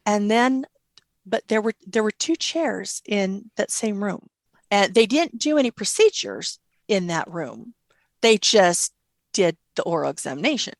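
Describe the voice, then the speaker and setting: Gravelly mom telling stories about her kid, tender, dry close mic. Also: medium pitch, unhurried, no echo. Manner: tender, animated quoting of her child. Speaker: guest, mother. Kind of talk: storytelling interview.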